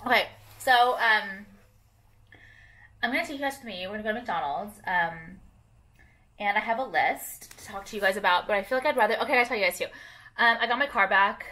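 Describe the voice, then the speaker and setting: A woman's voice: medium pitch, a little fast, long pauses, sharp tone. A young woman vlogging casually to camera while doing her makeup, rambling with lots of fillers and casual swearing.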